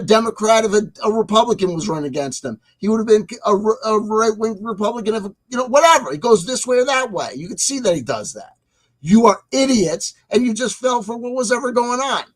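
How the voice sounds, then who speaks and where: Male host, high-pitched, profane mocking rant. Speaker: commentary channel host. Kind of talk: ranting commentary.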